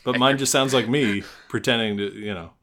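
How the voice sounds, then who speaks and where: A man's voice: mid-range voice, fairly quick, a bit bright. A man co-hosting a podcast, chatting casually in a nasal voice, rambling through a story, swearing and laughing at himself. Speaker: podcast co-host. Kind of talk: casual chat.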